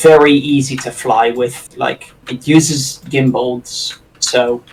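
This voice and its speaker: A man chatting casually while playing a game with a friend, rambling with lots of fillers and quick self-deprecating laughs. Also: mid-range voice, steady tone, recorded from a distance, slight background noise, rough recording. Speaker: gaming channel host. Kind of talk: casual co-op gameplay chat.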